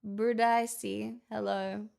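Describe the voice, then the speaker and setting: A woman's voice: mid-range voice, flat delivery, slow pace, gravelly, darkish tone. A woman live streamer who is sick, chatting casually and rambling with self-deprecating asides.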